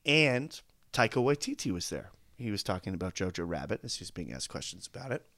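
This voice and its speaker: A man's voice: lowish voice, big pitch swings, a little fast, a bit bright, dry recording, studio quality. A man co-hosting a movie podcast, telling a story in a chatty, casual way. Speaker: podcast co-host.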